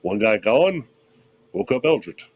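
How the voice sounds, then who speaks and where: Husky low-voiced man joking at the table. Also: sing-song, slow. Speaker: player. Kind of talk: casual tabletop play.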